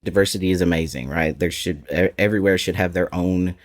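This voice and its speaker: A man's voice: sits low, steady tone, fast talker. A man with an Appalachian accent, a podcast guest talking candidly and reflectively, often laughing. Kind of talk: casual podcast conversation.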